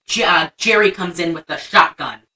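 Bright-voiced young woman recapping a film. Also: lowish voice, moderate pace, distant mic, poor audio. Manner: animated retelling, acts out lines. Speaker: podcast co-host. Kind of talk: casual movie chat.

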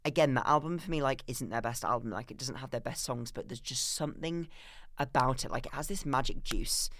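Guy cohost gushing about stuff, mid pitch voice, dry close mic. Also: a little fast, a bit bright, no echo. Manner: gushing, effusive praise. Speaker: podcast co-host. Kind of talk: casual chat.

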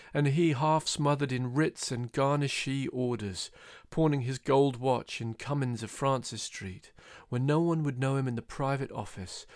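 A man reading a literary novel aloud, telling it in a measured, wry way. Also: mid-range voice, dry recording, studio quality. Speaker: audiobook reader. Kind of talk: literary reading with voiced characters.

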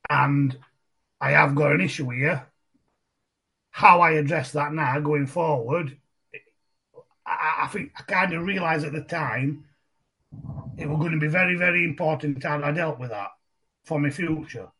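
Slightly rough and sharp in tone, this middle-aged man's a-little-high voice moves a bit slowly with long pauses. Guesting on a podcast, he rambles through his story in a broad Barnsley Yorkshire accent from England, chatty and casual, repeating and restarting phrases as he goes.

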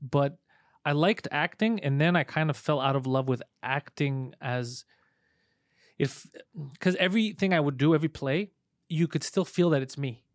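A male stand-up comedian from Montreal telling animated, profane stories in a casual podcast chat. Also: a little high, dry recording, clean studio sound. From Montreal, Canada. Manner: rapid, profane, animated storytelling.

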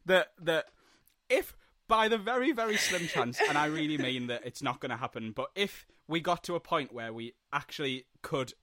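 Man, young adult, podcast host, bright, lively, teasing. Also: a little high, normal speed. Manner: jokey, teasing introductions. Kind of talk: casual comedic podcast chat.

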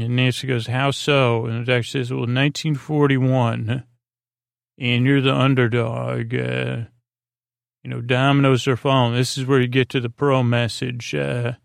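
A man hosting a sleep podcast, retelling an episode in a meandering, hesitant way with many pauses and restarts. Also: medium pitch, vocal fry, clean tone, dry recording, clean studio sound. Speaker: podcast host.

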